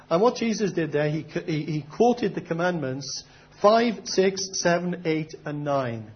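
A middle-aged man preaches to his congregation in an earnest, questioning, conversational manner. His voice sits a little high for a man, and the recording is dull and lo-fi. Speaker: pastor. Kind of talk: sermon.

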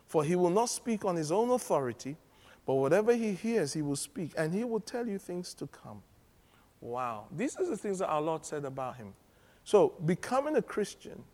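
A man preaching a sermon, animated and humorous, often laughing as he teaches. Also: fairly high pitch. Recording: long reverb of a large hall.

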